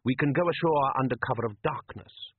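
A cool, calculating ruler played by a man weighs each word slowly and lets dry irony hang in the air. The voice is husky, recorded dry with a narrow, phone-like tone. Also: mid-range voice, dry recording, lightly acted. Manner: measured, ironic, slow and deliberate. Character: cunning, cool male ruler, dry and aloof. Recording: dry, tinny phone-like sound.

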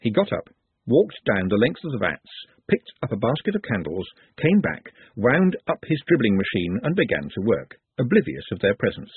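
A man's voice: on the low side, huge pitch swings, moderate pace, husky, dry recording. A man narrating an audiobook expressively, with dry wit. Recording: tinny phone-like dry audio.

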